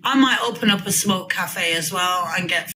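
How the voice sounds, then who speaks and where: A woman's voice: lowish voice, normal speed, bright, forceful tone, reverberant, a little hiss or hum, rough recording. A woman in her forties rambling on a livestream, boastful, swearing and erratic. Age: 40s.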